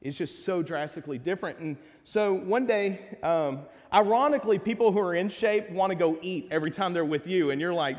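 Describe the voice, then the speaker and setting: A pastor with a high, light voice and a Texas twang delivers a casual, conversational sermon a little fast, with hardly any pauses. He drifts into jokes and asides to the congregation, and a long reverb suggests a large church sanctuary.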